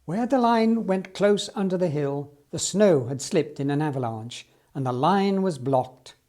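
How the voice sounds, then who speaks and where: A man reading a children's storybook aloud in an expressive storytelling manner. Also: fairly high pitch, unhurried. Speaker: storybook reader.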